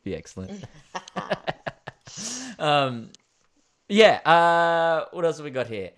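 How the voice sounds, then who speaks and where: A young man hosting a relaxed chat, his voice swinging up and down in pitch. He teases his guest and laughs often between questions. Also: drawn-out words. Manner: playful, laughs often, teasing. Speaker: interview host. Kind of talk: casual video-call interview.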